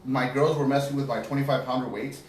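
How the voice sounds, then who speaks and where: A man's voice: medium pitch, fairly even intonation, fast. A man co-hosting a podcast, rambling and self-mocking in casual chat. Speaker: podcast co-host. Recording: echoey room, distant mic, faint noise.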